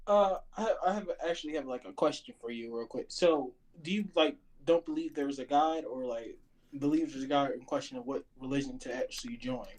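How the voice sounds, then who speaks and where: A man's voice: mid-range voice, brisk, darkish tone, poor audio. A man calling in to a casual debate, hesitant and apologetic, often stopping to search for words. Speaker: caller.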